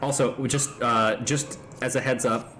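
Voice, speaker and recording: A man hosting a stream, chatting casually with jokes, swearing and quick asides. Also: mid-range voice, fairly even intonation, a bit bright, soft background music. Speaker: streamer host.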